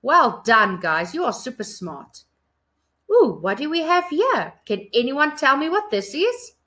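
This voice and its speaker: A woman teaching a phonics lesson to small children, with a slow, sing-song, encouraging teacher's way of talking. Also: high-pitched, sing-song, bright, forceful tone. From South Africa. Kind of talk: recorded online lesson for young children.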